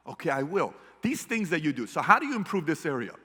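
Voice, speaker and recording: A man from the Middle East giving a motivational keynote speech to a live audience, telling stories animatedly and swinging from hushed to loud. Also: on the high side, fast, few pauses, slightly rough. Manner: animated storyteller, shifts from hushed to shouting. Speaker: keynote speaker. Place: large hall with audience. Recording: long hall reverb.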